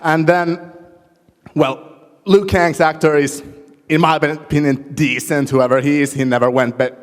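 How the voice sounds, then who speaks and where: A man from Finland takes the audience mic, his somewhat high voice relaxed and a little halting. Long hall reverb trails each phrase. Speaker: audience member asking a question. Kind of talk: casual chat.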